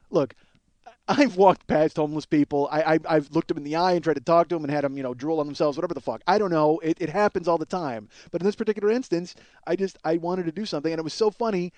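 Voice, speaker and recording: A man who hosts a podcast, telling a comic story in a profane, excitable way full of stammered restarts. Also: on the high side, no room sound. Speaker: podcast host and comedian.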